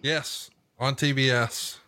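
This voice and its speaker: A man's voice: medium pitch, fairly even intonation, slow pace, pushed and bright, no echo. A man hosting a casual chat and reading fan questions. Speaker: host.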